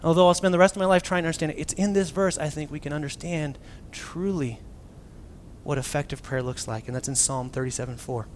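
Male pastor, sermon delivery, a bit higher-pitched, casual jokey preaching, loud then hushed, faint noise behind. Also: a little fast. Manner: animated, swings from loud to near-whisper, acts out quotes.

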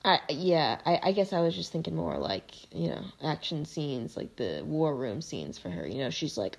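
A woman co-hosting a casual history podcast with a gravelly, husky voice, teasing and laughing often. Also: low-pitched, big pitch swings, normal speed, hardly any pauses. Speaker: podcast co-host.

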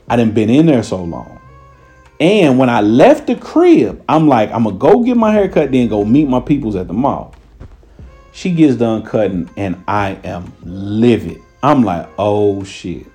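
Animated man telling a comic story. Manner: animated, swings between loud quoted voices and low asides. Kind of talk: stand-up style storytelling.

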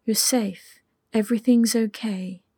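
A calm, steady dragon-shifter man , voiced by a woman reading an audiobook, speaks hushed and gentle. His words come slowly and evenly, close to a whisper. The sound is dry and close. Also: a little high, husky, dry recording. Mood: tender. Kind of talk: audiobook narration.

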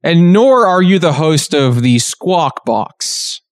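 A man's voice: a little high, very animated, takes it slowly, no echo, studio quality. A man co-hosting a podcast who riffs with joking, mock-questioning bits. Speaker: podcast co-host. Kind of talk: casual comedic chat.

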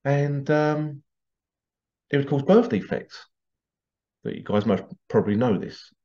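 A man's voice: mid-range voice, a little slow, warm tone, lo-fi sound. A middle-aged man, casually telling stories to camera and breaking into laughter as he goes. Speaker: vlogger.

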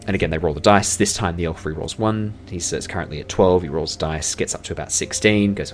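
Low-voiced male dungeon master. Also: brisk, hardly any pauses, a little hiss or hum. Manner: rambling, filler-heavy description. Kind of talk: narrating a tabletop game.

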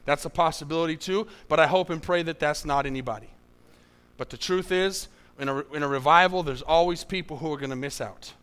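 Man, pastor preaching, high voice, smooth and resonant, repeats lines, calls for amens. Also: brisk, a bit bright. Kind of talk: sermon.

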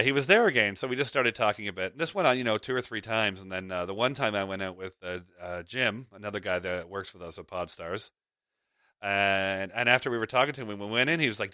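A man's voice: lowish voice, sharp tone, no echo, clean studio sound. A middle-aged man hosting a podcast, telling a casual story in a rambling, chatty way with lots of fillers and restarts. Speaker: podcast host.

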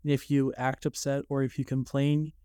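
A man talking in a measured, steady way in a casual podcast chat. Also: medium pitch, clean tone, no echo, clean studio sound.

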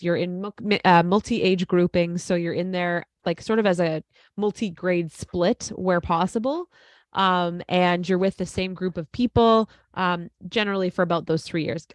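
Tired, yawning woman, low voice. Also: dry recording. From Canada. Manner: chatty, rambling, many fillers and restarts. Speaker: co-host, school educator. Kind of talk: casual podcast conversation.

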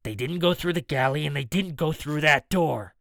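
A man's voice: on the high side, normal speed, vocal fry, fairly bright tone, no room sound, studio quality. A man doing a sneering menacing thug. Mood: threatening. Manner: taunting, threatening. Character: menacing adult male thug, sarcastic and threatening.

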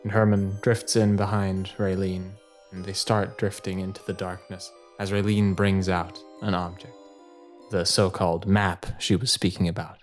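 A man spins an improvised story aloud, laughing often and rambling through his sentences. His voice sits on the low side. Quiet music plays in the background. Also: flat delivery, normal speed.

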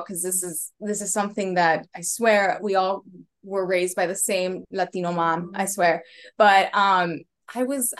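A woman in her thirties, a comedian on a podcast, telling stories in an animated way with laughter. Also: medium pitch. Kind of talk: casual chat.

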